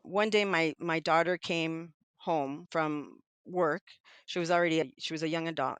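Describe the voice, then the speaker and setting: A middle-aged woman with a bright, forceful voice, recorded close and dry. She tells her own story candidly and with animation, slipping into the voices of the people she quotes. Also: deep voice, moderate pace, clear, resonant tone, no room sound. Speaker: podcast guest.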